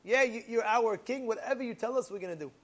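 A man's voice: extremely high pitch, fast talker, voice pushed up. Eager fawning townsfolk, as a man puts them on. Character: eager crowd of townsfolk serving a king.

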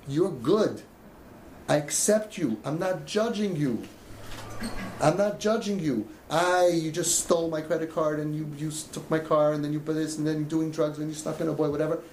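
Speaking to parents with passion, this coach slips into the voices of parents and children throughout an emotional talk. He has a fairly high, fairly quick, slightly mellow voice, and the echoey room adds faint ambience plus a little hiss or hum.

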